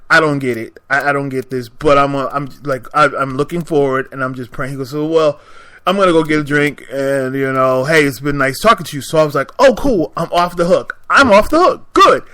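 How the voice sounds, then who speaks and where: A man's voice: medium pitch, dry recording. A man hosting a podcast, telling a story in a casual, exasperated way and acting out both sides of the conversation. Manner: animated, exasperated, acts out both sides of the exchange. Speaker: podcast host. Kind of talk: storytelling anecdote.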